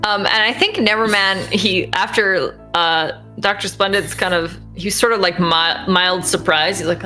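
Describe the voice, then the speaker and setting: A woman's voice: lowish voice, fairly even intonation, moderate pace, few pauses, sharp tone, soft background music. A woman running a tabletop game, narrating casually with hesitant fillers. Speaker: game master.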